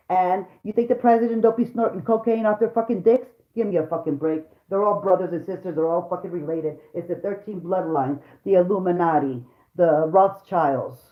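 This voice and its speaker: A woman vlogger and mother delivering a heated, profane rant straight to her viewers. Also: mid-range voice. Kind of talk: angry profane rant to camera. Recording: roomy, dull lo-fi sound.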